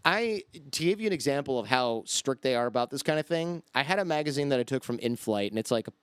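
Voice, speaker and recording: Smooth-voiced man telling animated stories. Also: medium pitch, quick pace, dry recording, studio quality. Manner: animated anecdotes with quoted voices. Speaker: podcast guest. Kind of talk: casual storytelling.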